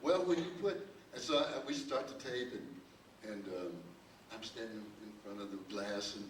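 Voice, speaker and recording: A man's voice: lowish voice, steady tone, normal speed, slight background noise. Older man, panel guest, rambling storyteller, echoey hall, distant mic. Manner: rambling, full of restarts, chuckling storyteller. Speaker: panel guest, record producer.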